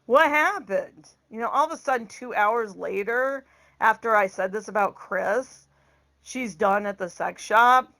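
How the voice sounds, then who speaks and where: A woman's voice: mid-range voice, unhurried, creaky, fairly bright tone. A middle-aged woman vlogging, telling a story in a blunt, exasperated, outspoken way. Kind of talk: casual storytelling vlog.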